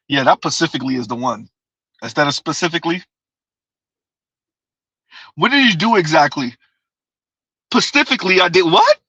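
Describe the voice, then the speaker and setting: A man with a bright, forceful, fairly high voice talks loosely on a livestream, reading out viewers' comments. He rambles and repeats phrases and often breaks into laughter. The sound is close and dry. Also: sing-song, a little slow, long pauses, breathy edge, no echo, low-quality recording. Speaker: livestream host. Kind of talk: casual live chat reading comments.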